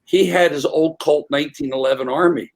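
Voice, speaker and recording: Husky older man telling animated stories. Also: a little high, a little fast, rough recording. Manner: animated, acts out voices in anecdotes. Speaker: interview guest. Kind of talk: casual storytelling.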